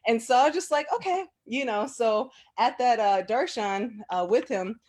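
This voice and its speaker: A woman's voice: on the high side, moderate pace. Chatty woman telling personal stories. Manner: chatty, full of fillers, laughs often; animated when quoting people. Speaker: interview guest sharing memories. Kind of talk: casual personal storytelling.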